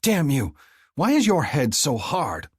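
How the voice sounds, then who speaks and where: A male narrator voicing an angry, sarcastic young human woman in an audiobook, shouting and sneering. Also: mid-range voice, very animated, moderate pace, breathy edge, dry recording, studio quality, voice pushed up. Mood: furious, sarcastic. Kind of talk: audiobook character voice.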